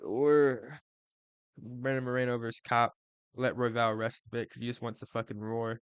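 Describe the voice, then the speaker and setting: A young man giving a casual, profane fight recap, excitable and full of bro slang. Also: medium pitch, brisk, clean tone, no echo. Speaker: MMA commentator.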